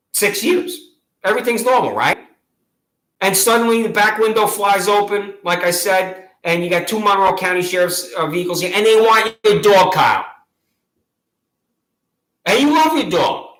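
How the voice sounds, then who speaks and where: A man's voice: high voice, fairly bright tone. A man telling his own grievance in the second person, repeating himself emphatically and addressing himself by name. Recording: echoey room.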